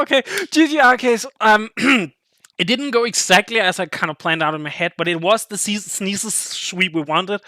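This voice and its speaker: A man with a high, very bright voice commentates his own game battle in an excitable rush. He swings from muttering to shouting in disbelief. The recording is dry and close, with faint music underneath. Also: brisk, no room sound. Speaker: gaming youtuber.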